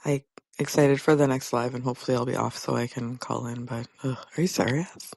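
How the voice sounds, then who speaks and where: A woman caller leaving a voicemail message in an exasperated, rushed way. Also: rumbling low, fairly even intonation, gravelly, darkish tone, no room sound.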